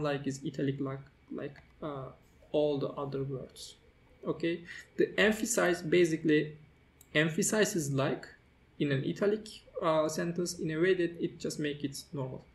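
A man with a somewhat high, gravelly voice walks through a coding tutorial step by step. He talks as he types, pausing on fillers and correcting himself. Keyboard clicks sit behind his voice. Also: a little mellow. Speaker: tutorial host. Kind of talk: screen-recorded coding tutorial.

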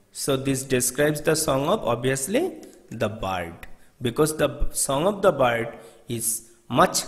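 A man with an Indian English accent teaching a poetry lesson for exam students, explaining terms slowly and deliberately and counting them out one by one. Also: a little high, a bit bright, long reverb tail. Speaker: English literature tutor. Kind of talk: exam-prep lecture on poetry.

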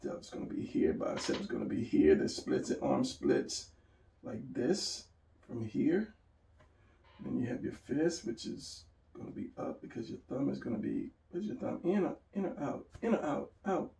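A man's voice: medium pitch, big pitch swings, moderate pace, gravelly, warm tone. A man giving a casual drawing lesson, rambling and talking to himself as he sketches. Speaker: drawing instructor. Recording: echoey room, voice from a distance.

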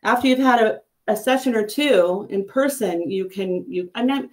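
A middle-aged woman talks in a relaxed, casual way, as a psychic medium sharing her work. She tells her stories with plenty of life, and her pitch jumps up whenever she quotes someone. Her voice sits at a middle pitch for a woman. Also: normal speed. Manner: chatty storyteller, animated with pitch jumps on quoted lines. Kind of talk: casual chat.

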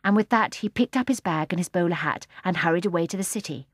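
A woman narrating a children's storybook aloud in a measured, expressive way. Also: lowish voice, no room sound, clean studio sound. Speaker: audiobook narrator. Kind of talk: scripted narration.

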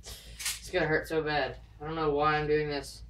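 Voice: medium pitch, little pitch movement, moderate pace, fairly bright tone, slight background noise. A vlogger chatting casually to camera at home, rambling and counting down nervously before each dare. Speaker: vlogger doing viewer dares. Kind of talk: casual vlog chat to camera. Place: indoors at home.

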